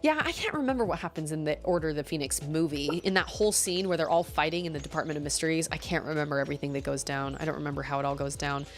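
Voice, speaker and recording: Rapid-fire and with few pauses, a young woman gaming streamer thinks aloud and laughs easily while chatting casually during play. Her voice is deep, with faint music behind her.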